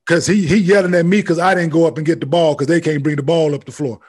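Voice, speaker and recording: A man's voice: fairly high pitch, steady tone, fast, slightly rough. Laid-back profane podcast host, man. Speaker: podcast host, former college basketball player. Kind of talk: casual chat.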